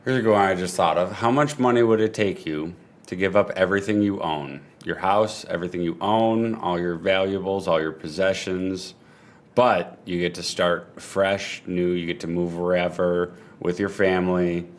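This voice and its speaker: A man's voice: low voice, steady tone, normal speed. A man chatting casually on a livestream, joking and laughing often. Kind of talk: casual chat.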